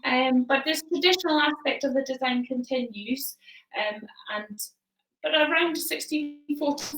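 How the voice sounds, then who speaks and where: Bright-voiced woman explaining, in an echoey room. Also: sits high, recorded from a distance. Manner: hesitant, many ums, explanatory. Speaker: shop presenter. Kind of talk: live product chat. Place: home, live stream. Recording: echoey room, away from the mic.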